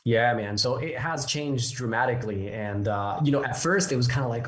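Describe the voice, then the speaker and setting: A man's voice: mid-range voice, moderate pace. A man from Newark, New Jersey, with a mixed American accent, chatting upbeat as a pastor guest on a podcast interview.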